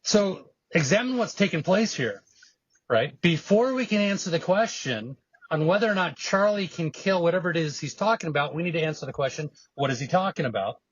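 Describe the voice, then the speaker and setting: A man's voice: fairly high pitch, brisk, husky, no echo, highs cut off. A man guesting on a podcast, telling stories and making his case in an earnest, emphatic way. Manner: animated storyteller, earnest and emphatic. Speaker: guest, evangelist and film producer. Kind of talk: storytelling interview answer.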